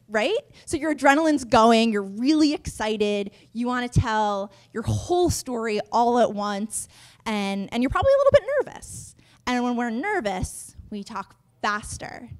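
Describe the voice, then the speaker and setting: Lively young woman giving a workshop talk. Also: a little high. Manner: lively, chatty, laughs between points. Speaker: workshop speaker. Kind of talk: public speaking workshop talk. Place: conference room.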